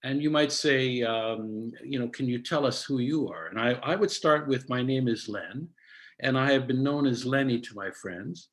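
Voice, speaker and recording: Older man telling a reflective story. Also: medium pitch. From Canada. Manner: measured, didactic, sprinkles Yiddish words. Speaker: cantorial soloist giving a talk. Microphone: video call.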